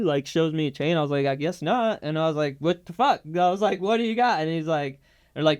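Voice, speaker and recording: A young man tells a long story in a relaxed, slangy way, full of "like" and "bro". His voice sits a little high for a man and sounds smooth and resonant. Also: fairly quick, lo-fi sound. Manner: laid-back slangy storytelling with many fillers. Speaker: guest. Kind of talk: casual storytelling interview.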